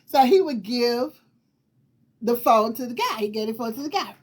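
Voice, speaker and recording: A woman's voice: on the high side, normal speed, slightly rough. A woman host casually telling a personal story to her viewers, with a distinctive voice, acting out bits of dialogue and laughing as she goes. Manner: animated, repetitive retelling with quoted dialogue and laughter. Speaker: talk show host.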